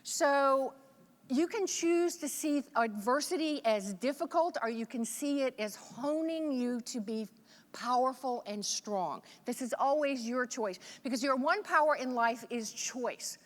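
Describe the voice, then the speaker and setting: A woman's voice: sits high, expressive, measured pace. A woman from Virginia giving a motivational keynote speech at a conference, telling folksy, joking stories. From Virginia, USA. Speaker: motivational speaker. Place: large conference hall. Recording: echoey conference hall.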